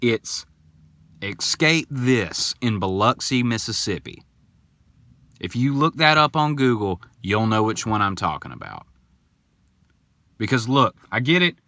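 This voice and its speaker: Animated young man telling a story. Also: mid-range voice, a little slow, pauses often, no room sound. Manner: animated, indignant storytelling with quoted voices. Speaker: podcast host. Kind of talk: casual storytelling monologue.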